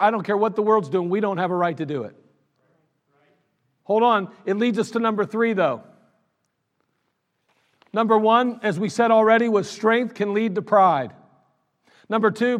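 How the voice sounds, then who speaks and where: Male pastor, high pitched, fervent sermon delivery with big dynamic swings. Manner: emphatic, swings from loud exhortation to low intimate talk.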